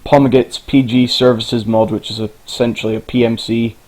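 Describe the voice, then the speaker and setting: A man's voice: mid-range voice, flat delivery, moderate pace, darkish tone, rough recording. A man narrating a casual game tutorial, rambling and informal, with the odd swear.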